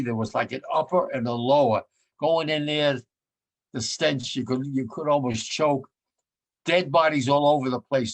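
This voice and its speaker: Veteran in his nineties, gravelly voice, giving plain, vivid war testimony. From United States. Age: 90s. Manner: blunt and vivid, voice sinks low and quiet when moved.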